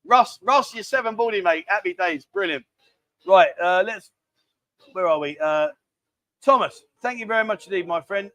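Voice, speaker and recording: Chatty man with a high voice. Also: normal speed, bright, forceful tone, no echo. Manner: rambling, chatty, cheeky banter. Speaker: livestream host. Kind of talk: casual live chat reading viewer comments.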